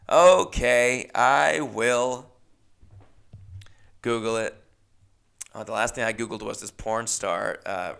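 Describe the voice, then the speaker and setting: A man's voice: medium pitch, gravelly, a bit bright. A man hosting a solo podcast, rambling casually with chatty, self-mocking asides. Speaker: podcast host.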